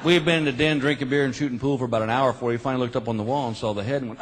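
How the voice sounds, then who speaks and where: A man's voice: medium pitch, fairly even intonation, very fast, few pauses, slight background noise. A middle-aged man telling folksy stories in a stand-up comedy routine, building each one to a punchline. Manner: folksy storytelling, punchline delivery. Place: live comedy stage with audience. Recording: live show with crowd laughter. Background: audience laughter.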